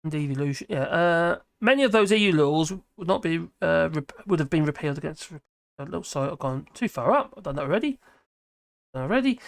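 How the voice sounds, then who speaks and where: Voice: medium pitch, animated, normal speed. A live-stream host, chatting casually and reacting to viewer comments in a scattered, talkative way.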